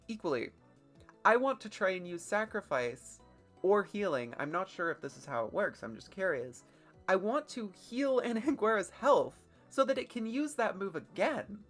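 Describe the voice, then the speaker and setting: A woman streaming a game, chatting casually in a rambling, self-deprecating way and swearing now and then. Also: medium pitch. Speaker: let's play streamer. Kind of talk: casual gameplay commentary.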